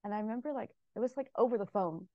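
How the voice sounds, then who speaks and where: A woman's voice: on the high side, very fast, no echo. A woman sharing a personal story at a book club, talking casually with lots of fillers. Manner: rambling, many fillers, emotional. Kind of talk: casual sharing in a group discussion. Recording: muffled lo-fi audio.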